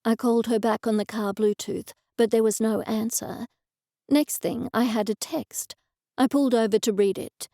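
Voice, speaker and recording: A woman narrating a cozy mystery audiobook in the first person, with even, measured storytelling. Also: fairly high pitch, gravelly, dry recording, clean studio sound.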